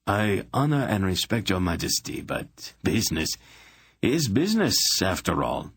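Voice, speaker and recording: A man's voice: low-pitched, very animated, moderate pace, slightly rough, full character voice. A man voicing a blunt, stubborn male merchant in an audiobook, speaking with dry mockery. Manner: blunt, mocking.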